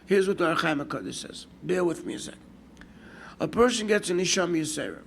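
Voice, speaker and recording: Brief: older New rabbi, gravelly and a bit high, storytelling sermon, faint hiss behind. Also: male voice, quick pace. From United States. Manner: storytelling with lively quoted asides, mixing Hebrew and Yiddish terms. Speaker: rabbi giving a Torah class.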